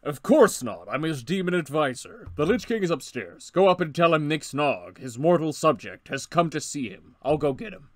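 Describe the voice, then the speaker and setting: A man voicing a smug male demon advisor in a text adventure game, speaking slowly and low. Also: sing-song, no room sound, clean studio sound.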